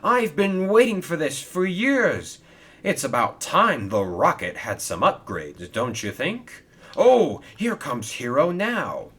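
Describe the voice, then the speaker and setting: A man voicing an eager, excitable male steam engine in a fan-made toy train story. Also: a little high, slow pace, slightly rough, pitched above the performer's own voice, exaggerated voice. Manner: excitable, gushing.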